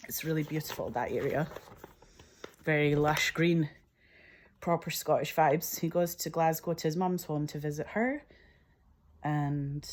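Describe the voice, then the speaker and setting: Woman screenwriter, low voice, pitching her film scene by scene: enthusiastic, emotional, self-mocking laughs. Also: a little mellow. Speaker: filmmaker describing her screenplay. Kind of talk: animated scene-by-scene retelling.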